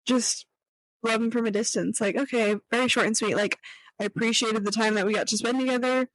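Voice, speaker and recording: A woman's voice: a little high, fairly even intonation, a little fast, dry recording, poor audio. A young woman hosting a casual chat, talking with lots of fillers and acting out quoted voices. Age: young adult. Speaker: podcast host.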